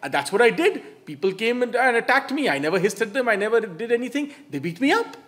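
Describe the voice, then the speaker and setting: A man's voice: very high voice, very animated, fast, a bit bright, pitched above the performer's own voice, heavily acted. A man voicing an indignant, beaten-up male king cobra who complains that he was wronged. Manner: aggrieved, complaining protest.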